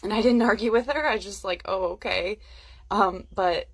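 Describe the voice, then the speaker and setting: A woman tells an amused, wry story for a social media clip. Her voice sits at an ordinary middle pitch. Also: moderate pace.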